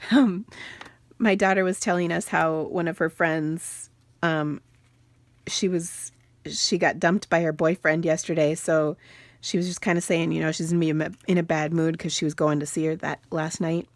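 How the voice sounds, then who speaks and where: A woman in her forties talks through a craft tutorial in a relaxed, chatty way, drifting into stories and laughing at herself. Her voice has a gravelly, fry-edged texture. It sits close and dry, with no room sound around it. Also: low-pitched, normal speed, no echo. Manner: chatty, rambling storyteller with laughing asides. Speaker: card-making channel host.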